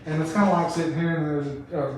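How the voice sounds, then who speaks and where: A man spins a rambling story and laughs as he goes. His voice sits a little high. The room is echoey, he is a step back from the mic, and a faint hiss runs underneath. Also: fairly even intonation, fast. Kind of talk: casual storytelling chat. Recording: roomy echo, mic at a distance, faint room noise.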